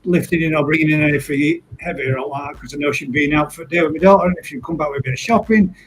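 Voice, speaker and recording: A man's voice: fairly high pitch, very fast, husky, poor audio. A man hosting a live stream, chatting casually and laughing often as he calls people mate.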